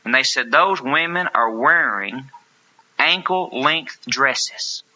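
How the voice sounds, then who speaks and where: This is a man delivering a sermon in a sharp, bright voice that rises and falls with animation. He leans on emphatic rhetorical questions and tells his story earnestly. The recording is dull and lo-fi. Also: mid-range voice, animated, slow. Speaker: preacher. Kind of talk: sermon with anecdote.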